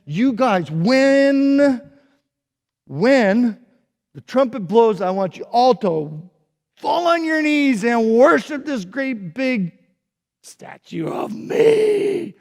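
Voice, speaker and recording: A man's voice: very high-pitched, sing-song, extremely slow, a little mellow, pitched above the performer's own voice, full character voice. A man voicing a vain, angry king who bellows orders and boasts about himself. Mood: boastful. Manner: bellowing, bossy, pompous. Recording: echoey hall.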